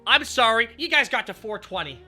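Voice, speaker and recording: Excitable young man with a bright voice. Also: very high-pitched, soft background music. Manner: excitable, shouting names, quick bursts. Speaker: streamer host. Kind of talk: live stream chat, thanking donors.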